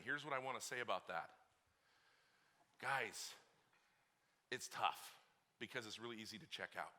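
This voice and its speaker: A male pastor preaches in a fairly high voice that swoops lively up and down. His tone is forceful and tense, and his storytelling swings from hushed lines to shouts. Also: normal speed, long pauses. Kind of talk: sermon.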